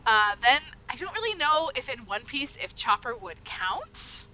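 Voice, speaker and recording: A young woman hosting a casual group chat over an online call. She talks in an excitable, rambling way and laughs often. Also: a little high, unhurried, slight background noise, rough recording.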